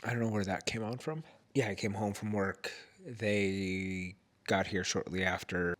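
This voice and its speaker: A man's voice: lowish voice, steady tone, measured pace, fairly bright tone. A man vlogging at home late at night, tired and with a stuffed-up nose, recapping his evening in a rambling, casual way. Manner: rambling, with fillers and restarts.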